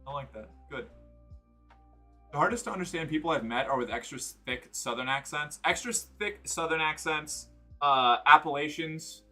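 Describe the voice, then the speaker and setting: Bright-voiced rambling man streamer. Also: a little high, normal speed, faint music behind. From New England, United States. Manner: rambling, many fillers and restarts. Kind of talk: casual stream chat, reading chat aloud. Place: indoors, sitting on the floor.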